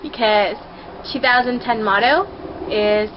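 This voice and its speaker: A woman's voice: a little high, normal speed, lo-fi sound, slight background noise. A woman talking casually to her viewers from her own room, rambling, playful and openly emotional. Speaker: vlogger. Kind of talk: casual heartfelt talk to camera.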